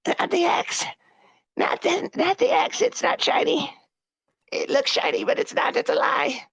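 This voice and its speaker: A woman's voice: very high-pitched, lively intonation, unhurried, creaky, no room sound, full character voice. A woman voicing a shifty male goblin thief who craves shiny things, speaks of himself in the third person, and uses broken grammar. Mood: pleading.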